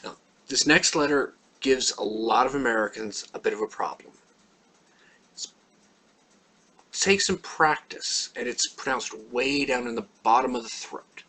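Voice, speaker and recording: Husky man teaching the alphabet. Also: mid-range voice, sharp tone. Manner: plain, patient explaining with slow repeated words. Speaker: language teacher. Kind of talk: alphabet lesson.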